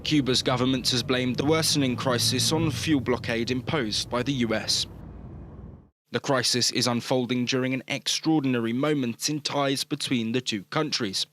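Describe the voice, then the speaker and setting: A man narrating a news report in a measured, formal way. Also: medium pitch, steady tone, fairly bright tone, a little hiss or hum.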